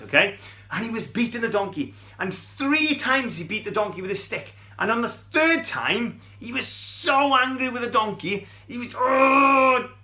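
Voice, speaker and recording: A man's voice: high voice, bright, forceful tone. A middle-aged man, telling a Bible story to children in a chatty, playful way and asking them questions.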